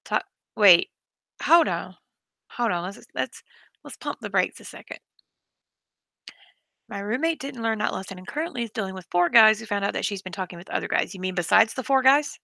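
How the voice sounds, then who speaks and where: Chatty woman with a gravelly edge. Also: mid-range voice, expressive, a little fast, bright, forceful tone, no echo. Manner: chatty, rambling, reacting to viewers with bursts of laughter. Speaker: livestream host. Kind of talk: casual live-stream chat.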